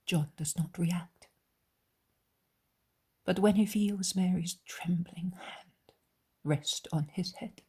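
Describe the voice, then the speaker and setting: A woman narrating an audiobook in a hushed, slow, solemn whisper. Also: fairly low pitch, breathy edge.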